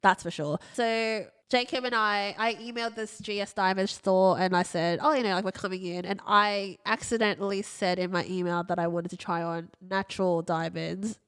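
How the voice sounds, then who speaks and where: A woman's voice: medium pitch, steady tone, moderate pace, few pauses, a bit bright, clean tone. A woman with a stuffy, nasal voice chatting on a podcast. She tells her story in a loose, casual way, full of "like" and little asides. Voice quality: nasal, blocked nose. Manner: chatty storyteller, frequent "like" and laughs. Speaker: podcast co-host. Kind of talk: casual chat.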